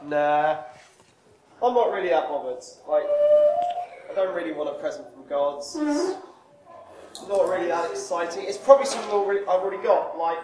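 A man's voice: fairly high pitch, brisk, pauses often, natural voice. A man playing a sleepy, reluctant young man in pajamas who mumbles offhandedly in a church hall. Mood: grumbling. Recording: roomy, distant, noisy church hall.

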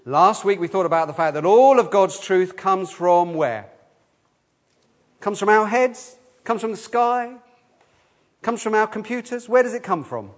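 A man leading a children's talk in church, lively, asking the room questions and leading call-and-response answers. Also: high voice, unhurried. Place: church hall. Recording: long hall reverb.

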